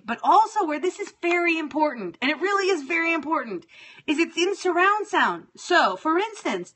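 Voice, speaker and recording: A woman in her thirties talking on a casual phone livestream, swearing freely and swinging between loud venting and calm muttering. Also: sits high. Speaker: livestream host.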